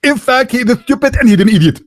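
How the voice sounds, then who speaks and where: A man mimicking a smug, high preacher. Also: lively intonation, quick pace. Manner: condescending, preachy. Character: smug male preacher scolding a critic.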